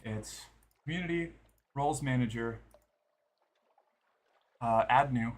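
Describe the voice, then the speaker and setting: During a live stream, a man chats casually with his viewers while gaming and exercising. His voice is medium in pitch, and he speaks slowly.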